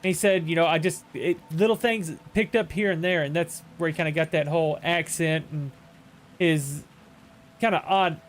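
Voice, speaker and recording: A man's voice: fairly high pitch, steady tone, normal speed, slight background noise. A male streamer chatting casually while playing a game, telling rambling stories with frequent restarts. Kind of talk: casual chat while gaming.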